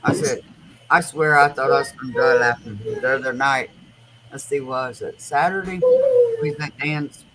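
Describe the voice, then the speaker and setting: A woman's voice: a bass voice, moderate pace. A woman hosting a casual chat, telling rambling stories in loose, colloquial everyday speech. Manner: rambling animated storytelling with colloquial grammar. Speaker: host. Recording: noisy home recording.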